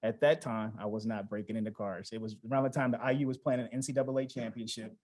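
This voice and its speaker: A man's voice: medium pitch, steady tone, fast, a little mellow, low-quality recording. A man in his forties giving an award speech, telling a personal story in a conversational way, acting out family dialogue and asking the audience questions. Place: event hall.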